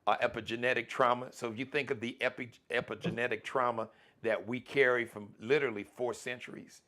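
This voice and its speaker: A man's voice: mid-range voice, steady tone, brisk, bright, forceful tone. A man from the United States hosting a live talk show, speaking emphatically and often repeating words as he starts a point. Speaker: host.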